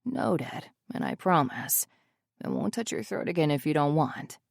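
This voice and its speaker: A woman voicing a tender, protective adult man, speaking in a hushed, half-whispered way. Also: sits low, sing-song, measured pace, gravelly, dry recording, clean studio sound, full character voice.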